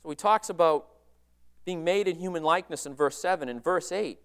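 Here a male pastor talks through his sermon in a chatty style, peppered with rhetorical questions and frequent "right?" tags. He speaks fairly quickly, his voice a little high, slightly bright, and clean.

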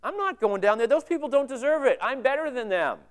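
A man's voice: very high voice, animated, fairly quick, clean tone, voice pushed up. A man acting out an indignant, whiny man who complains about a humbling task. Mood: haughty. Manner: complaining, incredulous.

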